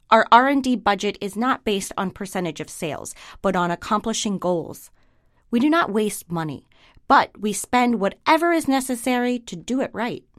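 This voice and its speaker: A woman voice-over artist with a slightly high voice reads a range of scripts. Her delivery is smooth and measured, suited to both ads and storybooks. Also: no echo, studio quality.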